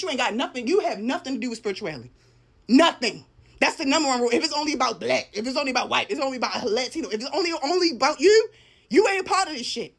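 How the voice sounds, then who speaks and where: Woman, high-pitched, profane heated rant to camera. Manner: profane, heated, swings from shouting to low muttering. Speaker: social media commentator. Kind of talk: angry ranting monologue.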